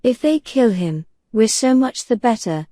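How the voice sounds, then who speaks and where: A woman voicing a menacing male pirate captain in a soft bedtime audiobook reading, with a purring, courteous menace. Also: fairly high pitch, lively intonation, measured pace, no echo, studio quality. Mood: scheming.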